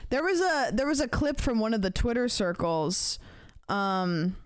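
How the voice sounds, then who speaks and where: A woman streamer chatting casually with her live viewers, rambling and thinking out loud with lots of fillers. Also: mid-range voice, big pitch swings, a little slow, no room sound. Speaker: livestreamer.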